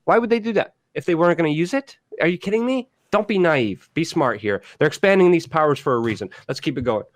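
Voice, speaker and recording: A man's voice: fairly high pitch, animated, quick pace, dry recording. A man from New York co-hosting a political commentary show, talking in a blunt, insistent way. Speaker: co-host.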